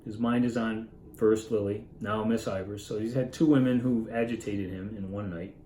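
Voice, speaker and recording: A man's voice: on the low side, fairly even intonation, moderate pace, dark tone, reverberant, a little hiss or hum, poor audio. A man retelling and explaining a classic story in an earnest, informal way, musing aloud and correcting himself as he goes. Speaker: literature reader explaining a story. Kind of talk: informal story summary and commentary.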